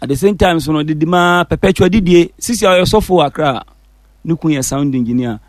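Give me a Ghanaian musician talking casually in an interview, high voice, dry sound. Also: male voice, brisk, dry recording. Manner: relaxed storytelling, mixing English and Fante. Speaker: musician guest.

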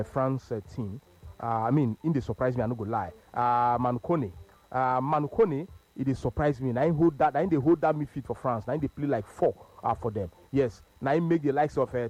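A man with a Nigerian Pidgin accent hosting a call-in sports radio show, animated and repetitive, laughing often. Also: mid-range voice, rough recording. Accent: Nigerian Pidgin English.

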